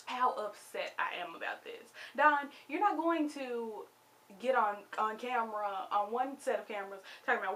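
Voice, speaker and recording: Animated, high-voiced woman ranting. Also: moderate pace. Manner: animated and exasperated, with sudden loud outbursts. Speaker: vlogger reviewing a TV show. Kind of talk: casual ranting commentary.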